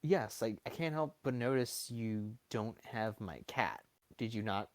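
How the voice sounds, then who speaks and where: A man's voice: fairly low pitch, measured pace, dry recording. A man running a tabletop game as game master, narrating loosely and playfully.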